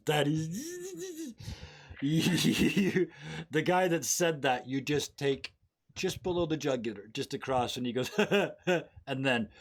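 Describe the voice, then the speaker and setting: Guy running a tabletop game, lively storyteller, laughs a lot, mid-pitched voice. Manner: animated, laughs often, acts out scenes. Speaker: game master.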